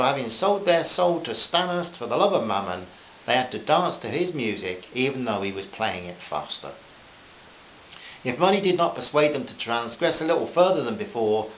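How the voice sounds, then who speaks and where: Man reading a novel in a roomy room. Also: medium pitch. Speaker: narrator reading his own novel. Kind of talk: audiobook narration. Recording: roomy, dull, hissy home recording.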